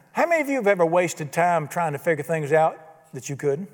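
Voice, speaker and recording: Very animated and moving at a moderate pace, a pastor gives a sermon from the pulpit. He is a man with a fairly high voice for his sex, and he talks in a homespun way full of rhetorical questions as the hall's long reverb rings out.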